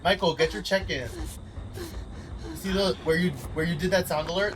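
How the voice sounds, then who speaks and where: A man's voice: high-pitched, normal speed, pauses often. A man streaming a game, chatting playfully and greeting his viewers as he plays. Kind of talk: casual gaming livestream chat. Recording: steady background noise.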